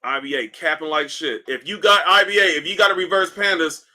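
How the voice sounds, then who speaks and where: A man hosting a casual livestream, reading comments aloud in a loose, profane, animated way while in back pain. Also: fairly high pitch, a little fast. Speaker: livestream host. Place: indoors at home, seated.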